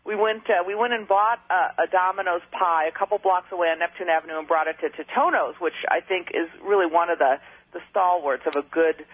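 A woman's voice: on the low side, fairly quick, slightly rough. A woman newspaper reporter calling into a radio show, telling rambling anecdotes with frequent restarts. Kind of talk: casual phone-in chat. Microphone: telephone. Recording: tinny phone line.

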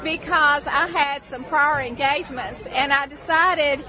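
A friendly woman with a Mississippi drawl speaks in a high, bright voice. She is recorded outdoors amid a bustling crowd, and the sound is dull and muffled. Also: steady tone, measured pace. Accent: Mississippi Southern. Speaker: restaurant owner's wife, interviewee. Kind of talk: casual interview at a food festival.

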